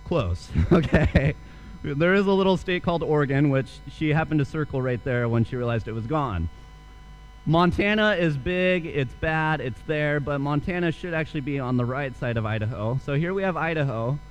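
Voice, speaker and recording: A man's voice: on the high side, moderate pace, a little hiss or hum, rough recording. A young man preaching a sermon, telling a story and then asking earnest rhetorical questions. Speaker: pastor.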